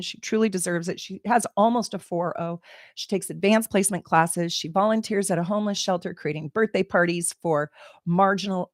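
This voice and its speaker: A middle-aged woman, an astrologer, telling a personal story in an animated, emotional way, laughing and exclaiming. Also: medium pitch, no echo, clean studio sound. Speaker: astrologer and channel host. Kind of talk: casual personal storytelling to camera.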